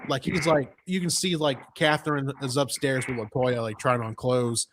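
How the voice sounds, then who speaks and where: A man's voice: mid-range voice, steady tone, moderate pace, fairly bright tone. A man talks casually through a movie's plot, circling back and quoting characters as he goes. His delivery is loose and full of fillers. A faint noise floor sits under the recording. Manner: rambling recap full of fillers and quoted lines. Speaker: podcast co-host reviewing a film. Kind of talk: casual chat.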